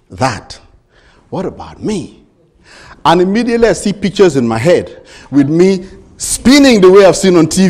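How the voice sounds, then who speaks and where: Brief: male public speaker, dramatic storyteller, fairly high voice, lively intonation. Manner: dramatic storytelling with sweeping pitch and deliberate pauses. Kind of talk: motivational speech.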